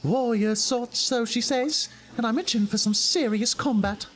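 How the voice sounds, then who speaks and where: A man voicing Cloth, a chipper, slightly bratty young female bug warrior, in a high put-on British accent from a game. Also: a little slow, a little hiss or hum. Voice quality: high, bright, lightly bratty.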